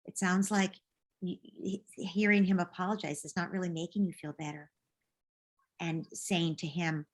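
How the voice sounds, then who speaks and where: A woman answering a parent's question as a parenting coach, gently modeling what to say to children. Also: on the low side, normal speed. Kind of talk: advice in a live Q&A.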